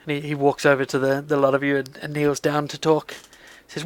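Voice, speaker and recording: A man running a tabletop game as game master, narrating casually with plenty of fillers. His voice sits a little high and sounds dry and close to the mic. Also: monotone, brisk, clean tone, no room sound.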